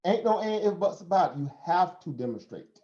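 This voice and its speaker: Expressive and fairly quick, a Southern-accented man hosts a casual live stream in a warm, slightly high voice. He lectures like a preacher, throws in rhetorical questions, and laughs regularly. The sound has a roomy, somewhat dull quality.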